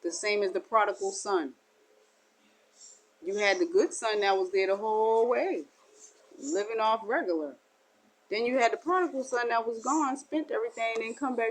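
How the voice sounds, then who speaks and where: A woman giving spiritual talk as a channeler, acting out voices and ending in a low, hushed blessing. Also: moderate pace, long pauses, poor audio. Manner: animated, acts out dialogue in shifting voices.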